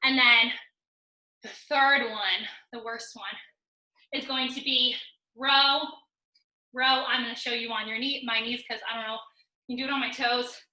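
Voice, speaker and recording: A high-pitched woman coaching a workout, her voice strikingly bright and sharp as she counts down and cues form. She sounds slightly out of breath between cues, and the room around her rings with echo. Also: steady tone, measured pace, long pauses. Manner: upbeat coaching, counting down reps, joking asides. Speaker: fitness instructor. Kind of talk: live online workout class instruction. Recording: roomy echo.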